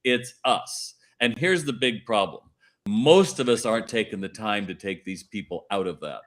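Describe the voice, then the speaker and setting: A middle-aged man with a fairly low voice talks as a podcast guest. He spins stories about shopping and selling, jumping into little acted-out exchanges between customer and clerk. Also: moderate pace. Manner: animated storyteller acting out dialogue. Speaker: retail consultant and keynote speaker.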